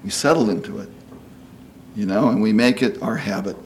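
A man's voice: on the low side, moderate pace, slight background noise. A man in his sixties giving a conversational sermon, folksy and chatty, often asking "you know?" and acting out quoted voices. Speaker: preacher.

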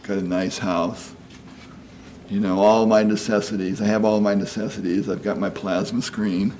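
A man's voice: fairly low pitch, little pitch movement, normal speed, a little mellow, slight background noise. A man in his sixties giving a conversational sermon, folksy and chatty, often asking "you know?" and acting out quoted voices. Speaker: preacher.

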